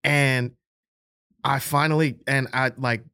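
A man's voice: mid-range voice, fairly even intonation, slow pace, sharp tone, clean tone, no echo, clean studio sound. A young man from the Bronx with a New York accent, chatting casually as a guest, slangy and profane, laughing often. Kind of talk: casual chat.

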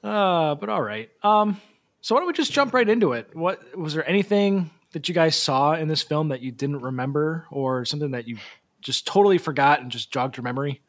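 A podcast host leading a casual chat about a film, with relaxed, hesitant phrasing. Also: medium pitch, brisk.

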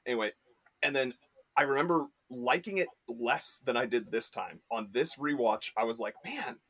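A man's voice: mid-range voice, moderate pace, fairly bright tone, slightly rough. A man chatting as a podcast guest, rambling with lots of fillers and restarts. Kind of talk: casual chat.

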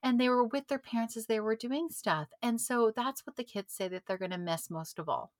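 A woman co-hosting a podcast in casual chat, talking in an animated way and acting out quotes in a loud voice. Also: a little high, brisk, no room sound. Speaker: podcast co-host.

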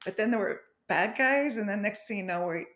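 A woman hosting a casual conversation, an animated storyteller who laughs often. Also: mid-range voice, a little fast. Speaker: podcast host.

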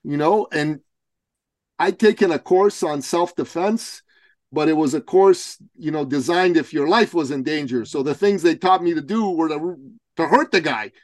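A man's voice: on the high side, moderate pace, no room sound. A man hosting a podcast who talks candidly and casually and swears in passing. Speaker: podcast host. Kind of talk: casual conversation.

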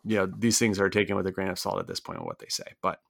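Middle-aged podcast guy rambling along, lowish gravelly voice, dry close mic. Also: racing, no echo. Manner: relaxed, rambling, many fillers. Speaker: podcast co-host. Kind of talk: casual podcast chat.

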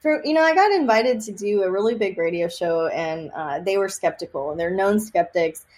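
A woman from Texas, a psychic medium, chatting in an interview and telling lively stories with many fillers and laughs. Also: mid-range voice, normal speed. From Austin, Texas. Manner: animated storyteller, laughs often, many fillers. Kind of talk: casual interview chat.

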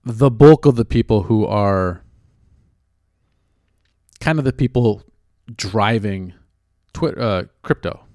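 Low-voiced man musing on the mic. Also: a little mellow, no echo, clean studio sound. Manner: reflective, measured, often rephrasing himself. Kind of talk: casual spoken commentary.

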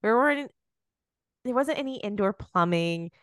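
A woman in her forties co-hosting a comedy podcast, animated and quick with asides. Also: mid-range voice, clean tone, dry recording, studio quality. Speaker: podcast co-host. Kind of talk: casual comedic chat.

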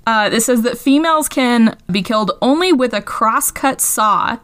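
A woman's voice: fairly high pitch, normal speed. Giggly young woman podcast co-host. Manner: giggly, animated storyteller, swears freely. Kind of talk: casual chat.

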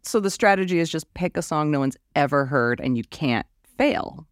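A woman's voice: low voice, animated, normal speed, no echo, studio quality. A woman co-hosting an improv comedy podcast, wry and thoughtful in casual chat. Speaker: podcast co-host.

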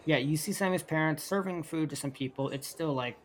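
A man's voice: fairly high pitch, brisk. Man, tabletop game master, casual rambling narration. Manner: rambling, with filler words and restarts.

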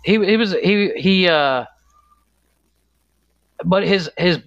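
A man's voice: high voice, slow, a bit bright, no room sound, highs cut off. A man co-hosting a podcast in casual chat, rambling with many restarts and searching for words. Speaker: podcast co-host.

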